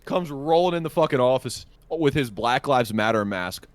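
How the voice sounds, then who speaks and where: A man's voice: mid-range voice, normal speed, dry recording. A young man telling a long story on a casual podcast, swearing freely and acting out what people said. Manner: animated, profane, acts out quotes. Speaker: podcast co-host.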